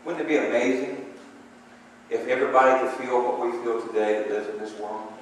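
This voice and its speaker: Preacher in an echoey hall. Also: male voice, medium pitch, flat delivery, a little fast, recorded from a distance, a little hiss or hum. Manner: rising to emphatic calls for response; conversational storytelling. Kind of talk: sermon. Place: church sanctuary.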